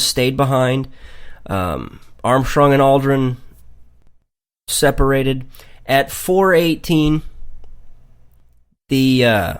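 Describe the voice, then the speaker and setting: Slow-talking male radio host. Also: medium pitch. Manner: rambling, jokey, with fillers and asides. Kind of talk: casual radio talk.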